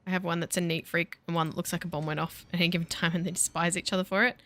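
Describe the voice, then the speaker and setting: A woman's voice: on the low side, flat delivery, rapid-fire, a bit bright. A woman in her thirties chatting casually and with self-mocking sarcasm while streaming a game. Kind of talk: casual live-stream chat while gaming.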